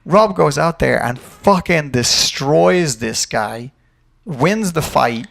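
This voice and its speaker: A man, a fight coach and podcast host, telling an animated, profane story casually. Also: fairly high pitch, slow pace, creaky. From Ireland.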